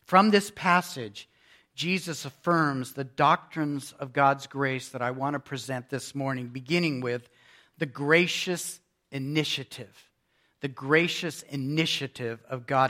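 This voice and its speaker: A man pastor preaching a sermon, emphatic, with loudness that swells and drops. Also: on the high side.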